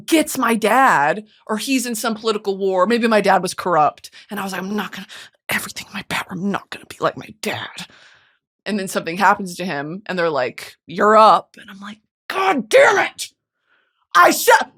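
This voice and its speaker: A young American woman hosting a podcast, talking in a casual comic monologue, swearing and breaking into yells and laughter. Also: mid-range voice, brisk. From United States. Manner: animated, swearing, bursts of yelling and laughter. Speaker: podcast host.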